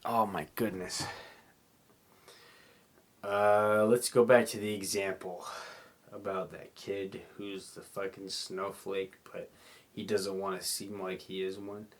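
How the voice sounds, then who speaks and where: A man's voice: low voice, flat delivery, takes it slowly, long pauses. A young man hosting a rambling solo podcast, drunk and sleepy, slurring and apologizing as he talks. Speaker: podcast host.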